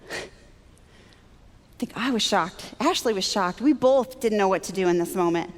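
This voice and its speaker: A woman sharing a personal faith testimony, animated and self-deprecating, acting out her own thoughts as she tells the story. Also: medium pitch, moderate pace, long pauses. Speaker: Christian speaker. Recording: long hall reverb.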